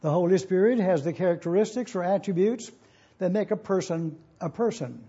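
Dark husky preacher, lo-fi sound. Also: male voice, high-pitched, lively intonation. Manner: measured, formal pulpit delivery reading scripture aloud. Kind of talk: sermon teaching.

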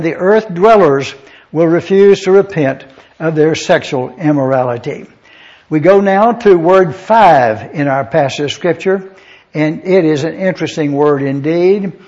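A man's voice: a little high, a little mellow. A man preaching a Bible-study sermon, going through words one by one and spelling out Greek terms letter by letter. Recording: dull lo-fi sound.

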